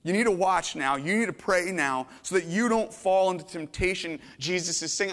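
Male pastor, slightly high voice, dramatic sermon retelling with loud-to-hushed swings, echoing church hall. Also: moderate pace, few pauses. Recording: long hall reverb.

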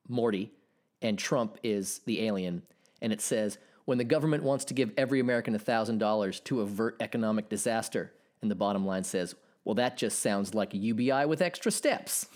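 A man in his thirties hosting a solo podcast, ranting and swearing as he reacts to online posts. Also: fairly low pitch. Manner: animated, profane ranting. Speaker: podcast host.

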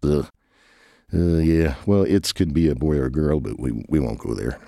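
A man's voice: extremely low pitch, normal speed, gravelly, warm tone, dry recording, studio quality. A man rambling hesitantly through silly, improvised comic banter.

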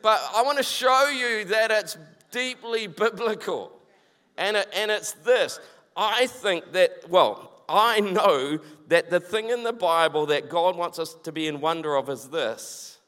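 A man's voice: high-pitched, lively intonation, measured pace, bright, forceful tone. A man preaching an informal, conversational sermon, acting out back-and-forth dialogue as he goes. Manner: informal, acts out quoted prayers and replies in dialogue. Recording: long reverb.

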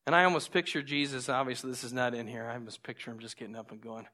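A man preaching a sermon, telling stories with lively, acted-out moments and drawing lessons from scripture. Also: medium pitch, rapid-fire. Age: adult with a young son. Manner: animated storytelling, acts out scenes. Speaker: pastor.

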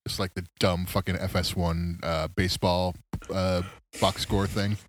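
A man's voice: sits low, level tone, unhurried, a little hiss or hum. A tired man co-hosting a podcast, chatting casually about baseball and swearing freely. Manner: laid-back, swears casually. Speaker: podcast co-host. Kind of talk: casual sports chat.

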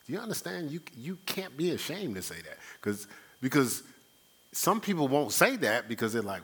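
A man pastor teaching a conversational sermon, animated, acting out quoted exchanges with a rising voice and chuckling between points. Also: medium pitch, normal speed. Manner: frequent fillers and restarts, chuckles.

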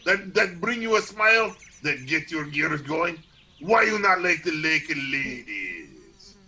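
A man playing a lecherous, boastful male painter who talks in a slow, coaxing way. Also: a little high, big pitch swings, bright, forceful tone, exaggerated voice. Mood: leering.

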